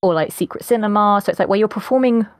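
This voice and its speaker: A woman's voice: medium pitch, fast talker, no room sound. Chatty young British woman, dry sound. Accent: posh British. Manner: chatty, many ums, laughs often. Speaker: guest voice actress. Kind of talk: casual podcast interview.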